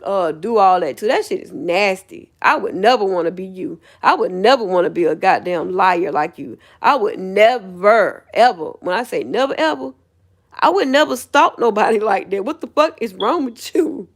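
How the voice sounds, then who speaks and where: A woman's voice: mid-range voice, expressive, normal speed. Angry, profane woman ranting on stream. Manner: heated, profane, laughing scornfully. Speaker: livestreamer. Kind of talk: angry livestream rant.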